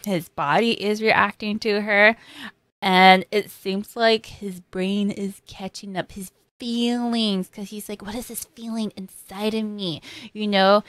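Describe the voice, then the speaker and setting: A woman's voice: medium pitch, no room sound. A young woman hosting an anime reaction, chatting casually in slang and acting out characters' lines.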